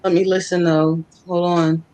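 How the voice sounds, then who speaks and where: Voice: mid-range voice, flat delivery, normal speed, darkish tone, low-quality recording. Chatty psychic co-host, mid-range voice, laughs easily while passing on spirit messages. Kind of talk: casual live psychic reading.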